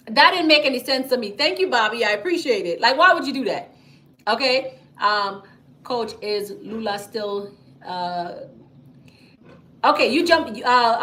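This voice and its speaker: A woman's voice: high voice, measured pace. A woman hosting a casual business livestream, talking emphatically and reading out viewer comments. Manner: chatty and emphatic, frequent "okay?" and "y'all", animated storytelling. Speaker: livestream host, business credit coach.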